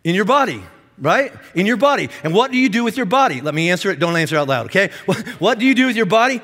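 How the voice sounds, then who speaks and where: A male pastor with a notably high voice, preaching in an animated, joking way. His words ring out with a long reverb, as in a big church auditorium. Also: quick pace. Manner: animated, self-deprecating joking with the congregation. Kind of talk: sermon.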